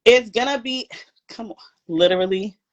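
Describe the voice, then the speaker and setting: A woman's voice: on the high side, normal speed, lo-fi sound. A woman from Brooklyn co-hosting a podcast live stream, chatting casually with playful, hyped bragging. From Brooklyn, New York. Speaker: podcast co-host.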